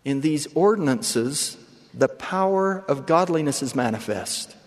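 A man's voice: on the high side, expressive. Earnest man preaching in a reverberant hall. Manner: measured, earnest address with deliberate pauses. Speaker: church leader. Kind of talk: sermon.

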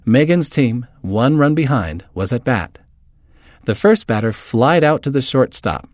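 Guy reading a story aloud, steady, mid pitch, dry close sound. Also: a little slow, no echo. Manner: steady storytelling, lifts pitch for quoted voices. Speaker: reader.

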